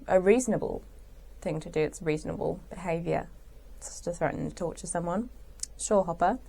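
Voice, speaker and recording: A young woman hosting her own channel, ranting about a TV character in a sarcastic, exasperated way, swearing freely and rambling through asides and restarts. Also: fairly low pitch. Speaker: channel host. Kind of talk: ranting commentary.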